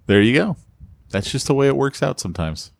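A man's voice: mid-range voice, sing-song, fairly quick, gravelly, no echo. A man co-hosting a podcast in casual chat, teasing his partner and laughing often. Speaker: podcast co-host.

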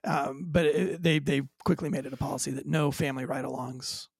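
A man, a former police officer, telling a dramatic story with high energy as an interview guest, acting out quoted lines. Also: fairly even intonation, fairly quick, creaky, slightly rough, no room sound.

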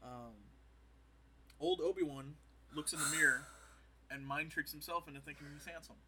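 A man in casual podcast chat, retelling comedy scenes and slipping into quick voices, often laughing. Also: a little high, heavy background noise.

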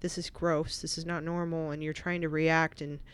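Low-voiced woman telling a story. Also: moderate pace, clear, resonant tone. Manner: animated, vivid storytelling that turns quiet and reflective. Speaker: podcast guest. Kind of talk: casual storytelling.

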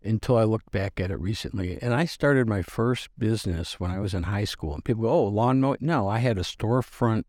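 A man's voice: on the low side, a little fast, few pauses, darkish tone, no room sound, clean studio sound. A man in his sixties, a podcast guest, telling stories about himself in a rambling, self-deprecating way with lots of restarts. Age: 60s. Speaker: podcast guest, business founder. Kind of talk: casual storytelling interview.

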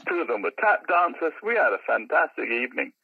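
Older man, lively husky storyteller, podcast guest, lo-fi dry sound. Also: a little high, quick pace, no room sound. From London. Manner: animated raconteur. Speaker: podcast guest, musician and comedian. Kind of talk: anecdotal storytelling in casual chat.

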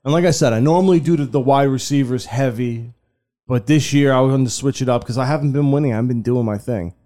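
A man's voice: mid-range voice, fast talker, warm tone. A man co-hosting a sports podcast, talking casually and loosely, swearing often and laughing. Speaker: podcast co-host.

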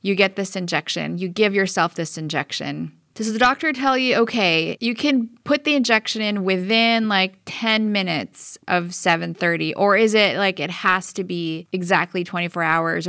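A woman's voice: mid-range voice, normal speed, few pauses, pushed and bright, no room sound, studio quality. A woman interviewer who sums up the story before asking probing follow-up questions. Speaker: interviewer host.

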